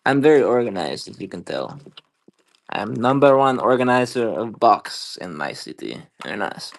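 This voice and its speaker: A man's voice: lowish voice, big pitch swings, normal speed, creaky, no echo, exaggerated voice. A man putting on a boastful comic foreign reporter, speaking in broken grammar.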